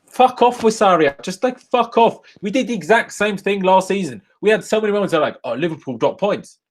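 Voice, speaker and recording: A young man live-streaming a rant after a football match, angry and swearing, jumping from loud outbursts to low muttering into a desk microphone. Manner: angry, swearing, swings between shouting bursts and low muttering.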